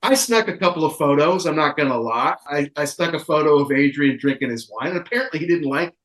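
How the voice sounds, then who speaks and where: A man from the United States, a podcast host, excitedly telling a story in casual chat. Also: on the high side, quick pace, reverberant.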